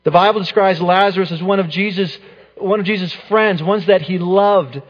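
A man gives a sermon in a high voice, earnest and searching, often repeating himself and dropping his phrases to a hush. The sound is dull and lo-fi, with a long reverb trailing after each line. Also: normal speed. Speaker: pastor.

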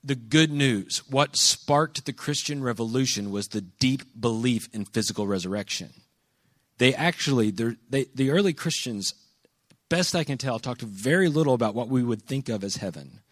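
A man's voice: medium pitch, lively intonation, moderate pace, no room sound, clean studio sound. A man giving a casual, conversational sermon, telling stories animatedly and acting out quoted lines. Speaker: preacher. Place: venue with a live audience.

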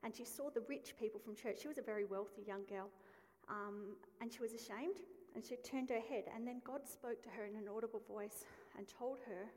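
A woman's voice: on the high side, brisk, darkish tone, long reverb tail. A woman telling a story during a church service in a conversational way, with fillers and restarts. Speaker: church speaker. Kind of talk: storytelling sermon.

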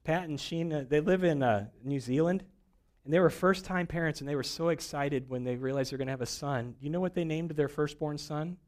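A pastor with a slightly high voice preaches at a fairly quick clip. His sermon is conversational and jokey, and he acts out little voices to land his points.

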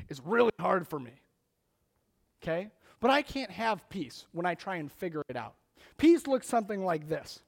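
A male pastor preaches a casual, animated sermon in a high voice with gravelly vocal fry. He talks conversationally and often restarts phrases mid-thought.

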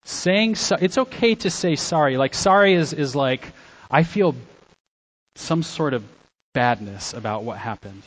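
A middle-aged man preaching a sermon as a pastor, swinging between loud exhortation and quiet, soft-spoken asides. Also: on the high side, lively intonation, unhurried, low-quality recording.

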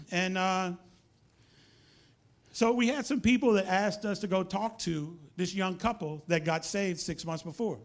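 Man, high voice, animated preacher telling stories. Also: a little slow. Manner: animated storytelling, acts out dialogue. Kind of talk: sermon.

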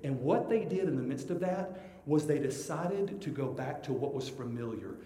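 A man pastor preaching a conversational sermon, animated and acting out the voices of the people he quotes. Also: mid-range voice, moderate pace. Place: church sanctuary. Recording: echoey hall with long reverb.

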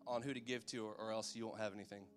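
A man's voice: fairly low pitch, little pitch movement, rapid-fire, soft background music. Casual, chatty male preacher. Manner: conversational, checks in with the audience. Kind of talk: sermon.

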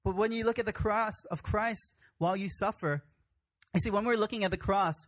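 Pastor, male, slightly higher voice, casual conversational sermon delivery. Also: fairly quick, fairly bright tone. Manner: informal, conversational preaching with frequent restarts.

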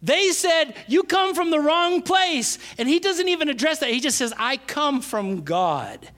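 High-voiced man preaching emphatically. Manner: emphatic, drawn-out stresses on key phrases; swings from loud to hushed. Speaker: pastor. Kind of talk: sermon.

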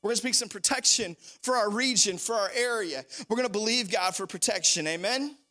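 Bright high-voiced preaching man. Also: brisk. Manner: animated preaching with repeated phrases. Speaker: pastor. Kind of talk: sermon.

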